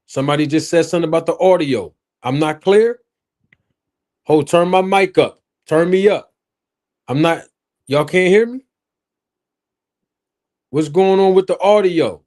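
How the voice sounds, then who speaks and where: This live-stream host talks unhurriedly with long pauses, his voice on the high side. Still animated and joking, he speaks directly to his viewers into his own microphone in casual chat.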